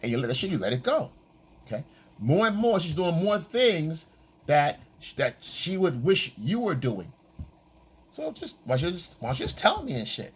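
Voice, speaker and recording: A man coaching on dating in a casual, profane monologue, acting out quoted lines in a high voice. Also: wildly swooping pitch, normal speed, husky.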